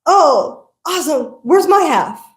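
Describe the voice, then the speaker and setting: A woman's voice: high voice, very animated, takes it slowly, echoey room, exaggerated voice. A woman voicing a goddess wife who demands her share, in a storytelling talk. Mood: pleading. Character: pleading angry goddess wife, adult woman.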